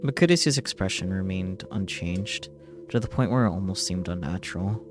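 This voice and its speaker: Male streamer, deep voice, reads game text with quick joking asides, game music clearly underneath. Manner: dubs lines over the game audio, joking asides. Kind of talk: reading game text aloud with commentary.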